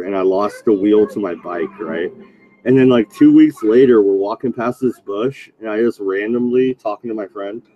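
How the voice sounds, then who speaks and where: A man's voice: on the low side, a little mellow, highs cut off. A man in casual chat on a voice call, laid-back, swearing and laughing at his own stories. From Oregon, USA.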